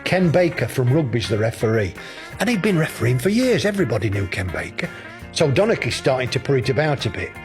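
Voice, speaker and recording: A man's voice: mid-range voice, big pitch swings, fast talker, hardly any pauses, over music. A man, a former referee, telling a sweary story and acting out both sides with chuckles. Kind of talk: anecdote telling on a podcast.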